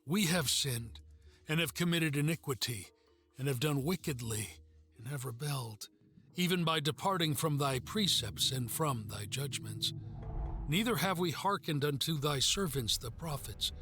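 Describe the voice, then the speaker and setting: Man, scripture reading, solemn and measured, slightly high voice, soft music behind. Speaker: scripture reader.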